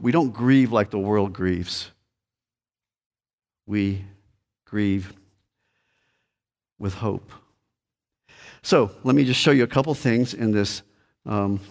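A man's voice: mid-range voice, unhurried, pauses often. A man preaching a sermon in a conversational way, reading scripture and talking straight to the congregation. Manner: conversational preaching, addresses listeners directly. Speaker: pastor.

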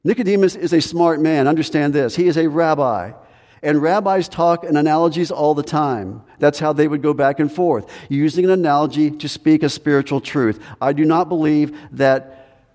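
Male pastor, fairly high voice, sermon delivery, earnest and questioning, long sanctuary reverb. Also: moderate pace, darkish tone. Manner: earnest, rhetorical questions, pitch climbs when voicing reluctant believers. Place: church sanctuary.

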